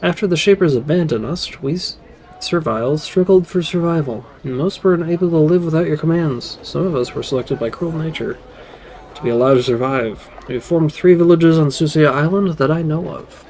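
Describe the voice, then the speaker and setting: Proud wary tribe chief from a game, clipped and measured, guy reading it out. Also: fairly high pitch, a little mellow, slight background noise, lightly acted, low-quality recording. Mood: stern. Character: proud wary male servile tribal leader.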